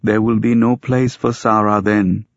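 A man's voice: fairly even intonation, normal speed, mellow, slightly rough, no echo. A man doing a mumbling young man in pain. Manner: low mumbled delivery. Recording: dry, dull muffled audiobook recording.

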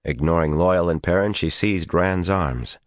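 A man narrating a fantasy audiobook in a steady, dramatic storytelling manner. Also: low-pitched, a little slow, no echo, clean studio sound. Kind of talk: scripted narration.

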